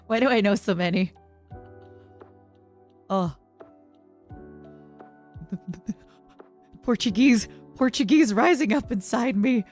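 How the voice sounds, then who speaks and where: A young woman from Canada chatting casually on a livestream, giggly and given to high squeals and snatches of song. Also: expressive, very slow, pauses often, a little mellow, faint music behind. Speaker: streamer.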